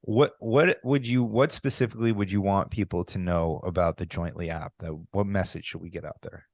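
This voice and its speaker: A man's voice: deep voice, steady tone, a little fast, no echo, studio quality. A man hosting a casual interview from his home office, chatty and telling stories animatedly. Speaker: podcast host.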